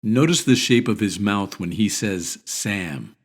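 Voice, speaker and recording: A man teaching pronunciation in a scripted video lesson, repeating each word deliberately and clearly. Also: fairly low pitch, animated, noisy background.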